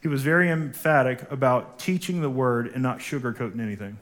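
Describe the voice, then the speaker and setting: A man's voice: mid-range voice, a little fast, fairly bright tone. Emphatic man preaching a sermon. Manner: emphatic preaching, calls for congregation responses. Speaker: pastor. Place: church sanctuary.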